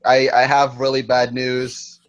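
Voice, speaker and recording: Slow-talking swearing man on a dull stream. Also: mid-range voice, completely flat delivery. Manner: swears a lot, laughs often, jokingly hot-headed. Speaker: livestream host. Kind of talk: casual group livestream chat.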